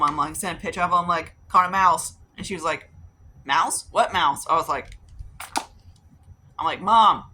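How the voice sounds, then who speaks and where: A woman's voice: fairly low pitch, pushed and bright, a little hiss or hum. A woman vlogging while doing her makeup, rambling casually through stories and acting out what others said. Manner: rambling, chatty, acts out quoted voices, swears casually. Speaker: beauty vlogger.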